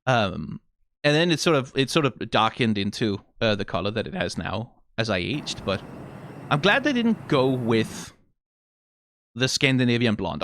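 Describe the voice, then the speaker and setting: A young man from Denmark, speaking with a Danish accent, muses and rambles casually through a reaction video, often restarting and laughing. His voice is medium-pitched and a bit bright.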